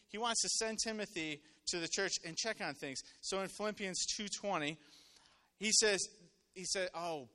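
A man with a high, bright voice delivers a sermon in a relaxed, chatty way. He tells stories from daily life and keeps calling on the congregation to answer back. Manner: conversational, storytelling, calls on congregation. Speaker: preacher. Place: church hall with congregation.

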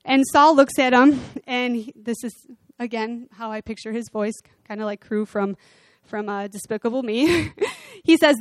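A woman delivers a sermon in a conversational, animated storytelling manner, her voice sitting a bit high. The recording is dry and close, with no room echo. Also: moderate pace. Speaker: preacher.

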